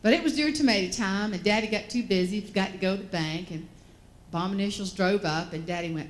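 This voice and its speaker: A woman from the American South, telling folksy, animated stories as a motivational speaker and acting out the voices in them. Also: mid-range voice, quick pace, a little hiss or hum. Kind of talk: storytelling keynote speech.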